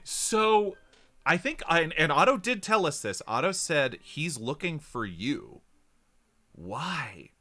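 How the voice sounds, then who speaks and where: A man's voice: on the high side, animated, a little slow, sharp tone. A man co-hosting a casual chat about a tabletop game, rambling and trailing off, laughing often. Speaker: podcast co-host.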